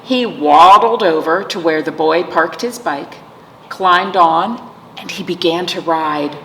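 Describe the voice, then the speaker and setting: A woman with a lowish voice reads a picture book aloud at a slow pace as a children's librarian hosting storytime. She is warm and playful and keeps asking the kids questions. The room is reverberant, with faint noise.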